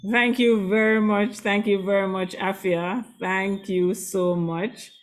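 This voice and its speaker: A woman's voice: medium pitch, fairly even intonation, slow pace. A woman hosting an online school concert, thanking performers and introducing the next act in a gracious, chatty way. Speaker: concert host.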